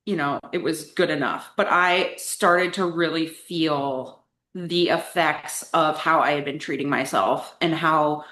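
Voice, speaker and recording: Speaking a little slowly in a deep, fairly bright voice, this young woman recounts her own story as a coaching client. The interview is casual and candid, sprinkled heavily with "like," and there's noticeable echo in the room.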